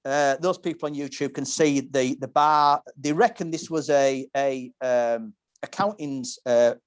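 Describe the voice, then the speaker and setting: A man's voice: mid-range voice, measured pace, clean tone. A man hosting a casual podcast, telling long descriptive stories with many restarts. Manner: rambling, descriptive storytelling with frequent restarts. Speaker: podcast host. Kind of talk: casual pub-talk podcast.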